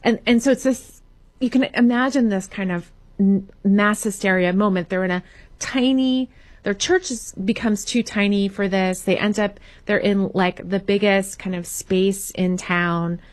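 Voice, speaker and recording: A woman guest on a radio talk show, telling history in an animated way with many fillers. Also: medium pitch, unhurried. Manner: animated storytelling with frequent fillers. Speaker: guest author. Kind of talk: radio interview.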